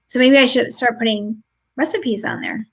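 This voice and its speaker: Chatty, laughing woman host, higher voice. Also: fairly even intonation, normal speed, a bit bright, husky, rough recording. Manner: chatty storyteller, laughs often. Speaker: podcast host. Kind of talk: casual chat. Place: home, remote stream.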